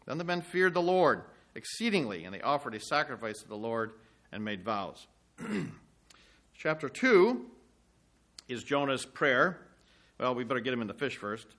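A man's voice: mid-range voice, pushed and bright. A man preaching a sermon, reading scripture aloud with rising emphasis and explaining it in plain asides.

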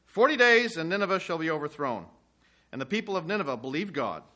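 A man's voice: on the high side, sharp tone. A man preaching a sermon, reading scripture aloud with rising emphasis and explaining it in plain asides.

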